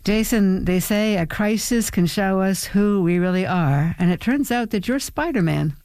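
A woman's voice: medium pitch, normal speed, darkish tone, dry recording. A woman interviewing a guest on the radio, asking playful, teasing questions.

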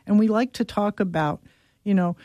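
Warm mellow lady doctor explaining stuff with analogies, dry recording. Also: mid-range voice, no echo, muffled recording. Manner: explains with analogies, slows for emphasis. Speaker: physician guest. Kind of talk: explanatory conversation.

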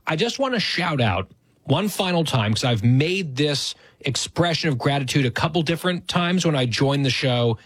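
A man's voice: medium pitch, slightly rough, no echo. A man hosting a talk radio show, chatty and self-deprecating, thanking his fill-in hosts. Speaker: radio host.

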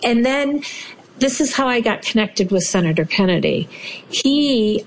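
Animated woman telling her own story. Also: a little high, a little slow, slight background noise. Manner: lively, acts out quoted voices. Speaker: storyteller recounting her experience. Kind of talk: personal storytelling.

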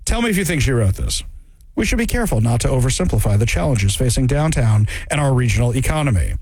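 A man with a high voice that swoops up and down as he mocks the news he reads out. His tone is sarcastic and scornful, and he sounds very close and dry with no room around him. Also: no room sound. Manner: sarcastic, mocking, reads news excerpts aloud. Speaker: political commentary host. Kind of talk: opinionated news commentary.

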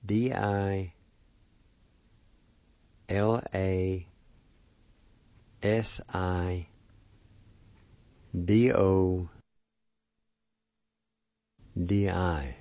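A man's voice: low voice, little pitch movement, mellow, no echo, muffled recording. A man giving a weekly radio language lesson, spelling out each word carefully and repeating it. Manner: slow, careful spelling and repetition of words.

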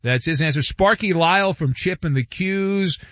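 A wisecracking man runs a sports radio segment with loose, joking banter. His voice sits high and sounds close and dry. The broadcast audio is slightly dull, with faint music behind. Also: moderate pace, fairly bright tone, no room sound. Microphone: studio microphone.

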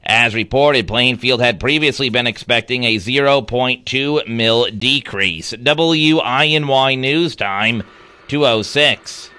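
A man reading the news and chatting on air as a radio news anchor, with a steady newsreader delivery. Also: mid-range voice, takes it slowly, smooth, no room sound. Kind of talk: radio newscast and on-air chat. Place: radio studio. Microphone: studio microphone.

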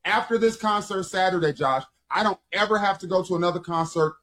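A man co-hosting a casual podcast, excitable and quick to quote rap lyrics. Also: high-pitched. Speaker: co-host.

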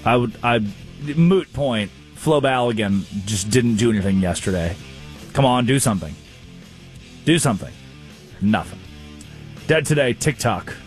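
A man hosting a casual comedic chat show, telling stories with lively voiced quotes. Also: mid-range voice, unhurried, long pauses, faint music behind. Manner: animated storytelling, voices quotes. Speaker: show host.

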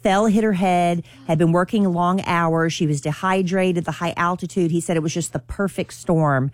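A woman's voice: on the low side, fairly even intonation, moderate pace, dry recording. A woman, chatting as the entertainment news voice of a morning radio show in a gossipy storytelling way.

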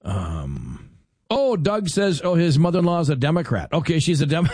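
A man's voice: fairly high pitch, sing-song, moderate pace, darkish tone, slightly rough, dry recording, studio quality. A man hosting a talk radio show, chatting casually and rambling as he reads listener texts aloud.

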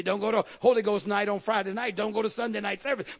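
A man preaching a fervent sermon in a church service, calling out to the congregation and breaking into quick asides. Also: sits high, fairly even intonation, creaky.

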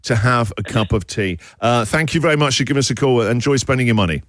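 A man's voice: mid-range voice, animated, a bit bright, no echo. A man hosting a radio show, chatting playfully with a caller in the studio. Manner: playful, quick and teasing. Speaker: radio host. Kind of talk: casual radio chat with a caller.

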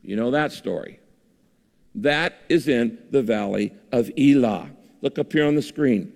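A man preaching a sermon to a congregation, asking lively rhetorical questions and retelling stories. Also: medium pitch, a little slow, vocal fry. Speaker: pastor. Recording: long hall reverb.

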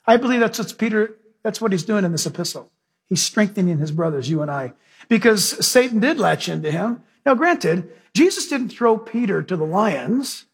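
A man preaching in an animated storytelling style. His voice is high, husky and swings widely in pitch. He brings each scene to life as he speaks. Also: moderate pace. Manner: animated storytelling, acting out characters. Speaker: pastor. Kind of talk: sermon.

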